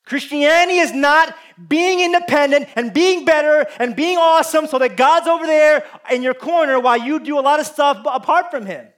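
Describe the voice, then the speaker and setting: A man preaching a sermon, earnest and confessional, swinging between loud appeals and hushed asides. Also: very high voice, brisk, few pauses. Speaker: pastor.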